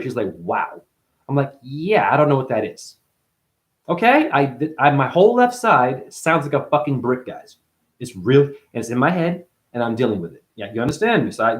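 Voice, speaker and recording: A man in chronic pain holds forth in a rambling spiritual monologue, leaping from one loose word link to the next. His mid-range voice swings widely, climbing into loud bursts and dropping to low, profane mutters. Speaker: spiritual talker.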